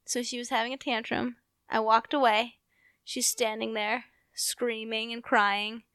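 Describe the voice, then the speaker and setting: Animated young mother, bright dry voice. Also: on the high side, a little slow, no echo. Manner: animated, laughing storyteller. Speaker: podcast co-host, mother of a toddler. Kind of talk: casual podcast chat.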